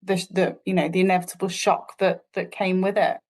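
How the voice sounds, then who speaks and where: Gently probing woman interviewer. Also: lowish voice, flat delivery, fairly quick. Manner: gentle, hesitant questioning with restarts. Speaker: host interviewer. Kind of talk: conversational interview.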